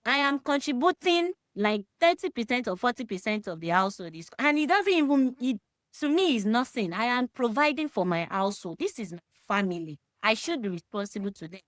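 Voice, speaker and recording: Nigerian woman, 30s, Yoruba accent; animated, emphatic podcast talk; dry, close sound. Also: on the high side, brisk, dry recording. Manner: emphatic, animated, talks straight to the listener; mixes Yoruba phrases into English. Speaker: podcast discussion guest. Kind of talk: casual faith-centred discussion.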